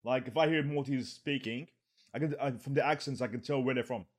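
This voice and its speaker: A man's voice: mid-range voice, fairly even intonation, fairly quick. A man with an Australian accent, co-hosting a casual group podcast chat with playful, mock-indignant joking. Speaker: podcast co-host.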